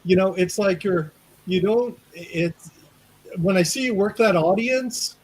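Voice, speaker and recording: A man's voice: high voice, unhurried, a little mellow, slightly rough, low-quality recording. A man hosting an interview show, asking friendly, rambling questions full of fillers. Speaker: show host. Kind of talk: casual interview chat.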